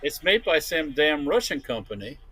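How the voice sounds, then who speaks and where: A man's voice: a little high, sing-song, normal speed, sharp tone, slightly rough, low-quality recording. A man co-hosting a podcast in casual chat, blunt and rambling, swearing freely. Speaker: podcast co-host.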